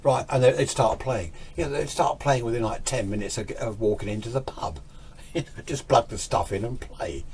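A man's voice: medium pitch, normal speed, a little mellow. An older man chatting casually and rambling with chuckling asides. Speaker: hobbyist video host. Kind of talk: casual chat.

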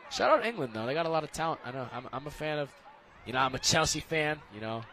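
A young man doing casual, jokey color commentary for a school soccer stream, rambling and getting excited. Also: a little high, fast talker, slight background noise.

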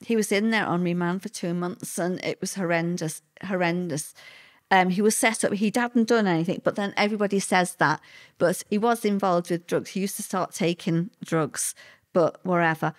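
An older woman, a guest recalling hard times in a halting, emotional way with many fillers. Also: lowish voice, fairly even intonation. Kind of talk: personal interview recollection.

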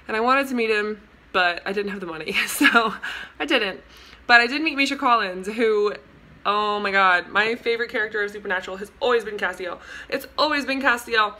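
A young woman telling a story to camera in a casual vlog, gushing and excitable, with lots of "like" and "oh my god". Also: mid-range voice. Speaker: vlogger.

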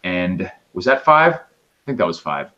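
Low male co-host on a dull remote line, easygoing and chatty. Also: normal speed. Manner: relaxed, describing gear at length. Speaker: podcast co-host. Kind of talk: casual chat.

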